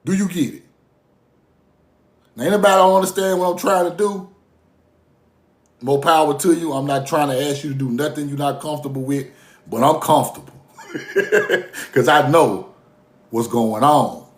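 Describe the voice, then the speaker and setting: A man's voice: a little high, moderate pace, pauses often, reverberant. A man giving a loose, preachy monologue. He swings between muttered asides and raised bursts and laughs often as he talks. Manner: laughs often while talking. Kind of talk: casual monologue.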